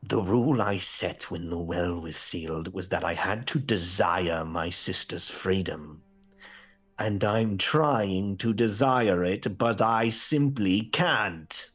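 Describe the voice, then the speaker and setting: A man voicing a haughty imprisoned queen who speaks slowly and coldly, often in a whisper. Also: low-pitched, breathy edge, exaggerated voice. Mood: brooding. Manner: slow, cold, often hushed to a whisper. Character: haughty imprisoned queen, woman, cold and hateful.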